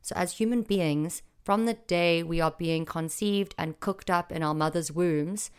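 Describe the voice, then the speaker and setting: A woman hosting a casual solo podcast from a small home office, chatty and excitable, rambling a little. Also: lowish voice, measured pace, clear, resonant tone. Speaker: podcast host.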